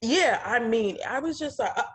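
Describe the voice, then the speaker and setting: A woman with a slightly high, husky voice, co-hosting a casual reaction show. She talks in an outspoken, opinionated way and drops plenty of slang. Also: lively intonation, normal speed. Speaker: co-host of a reality TV reaction show. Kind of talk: casual chat reacting to a TV episode.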